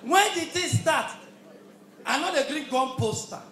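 At a live event, a Nigerian MC with a very high, expressive voice performs stand-up at an unhurried pace. He belts out punchy, shouted lines, filling the gaps with hums and laughter. His audience can be heard in the echoing hall.

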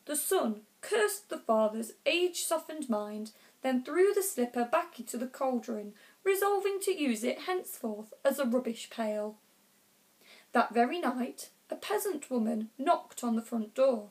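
A woman teacher reading a storybook aloud, slowing and softening on key words. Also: high-pitched, animated.

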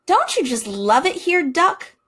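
A woman voicing a timid, fussy male goose in a children's storybook reading, worried and slow, drawing out her words. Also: high voice, very animated, pushed and bright, pitched above the performer's own voice, exaggerated voice.

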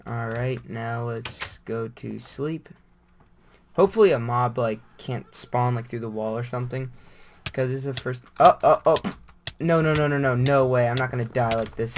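A man's voice: medium pitch, a little hiss or hum. Rambling man thinking aloud over gameplay. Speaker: gamer. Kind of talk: casual gameplay commentary.

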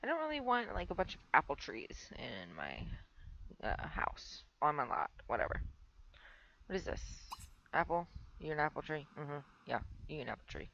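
Young woman, stuffy nose, low gravelly voice, lively swings, casual rambling let's play commentary. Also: moderate pace, highs cut off. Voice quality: rambling, filler-heavy, talks to the game characters. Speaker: gameplay streamer.

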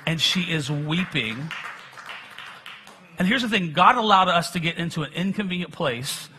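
A man's voice: on the high side, lively intonation, moderate pace, bright, forceful tone, breathy edge. A middle-aged man preaching a sermon, telling personal stories in a conversational way with self-deprecating humor.

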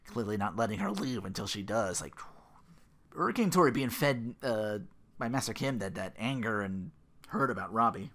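Male recap host, bright voice, animated and loose, profane and rambling. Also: on the low side. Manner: rambling, profane, quick to laugh. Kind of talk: casual episode recap.

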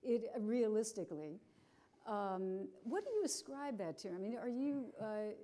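A woman with an American accent, a journalist moderating a public conversation, asking measured questions with soft fillers. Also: medium pitch, expressive. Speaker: journalist interviewer.

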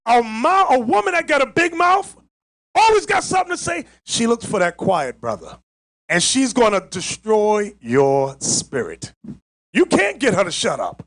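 A man preaching a fiery Bible lesson, emphatic and mocking, often raising his voice to a shout. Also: extremely high pitch, wildly swooping pitch, a little slow, no echo. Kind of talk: fiery street-style Bible teaching.

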